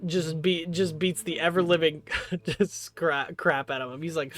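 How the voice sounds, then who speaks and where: A man's voice: fairly high pitch, unhurried. A man casually reviewing a horror film, rambling and joking, with "like" in nearly every sentence. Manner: rambling, joking, full of "like" fillers. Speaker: movie reviewer.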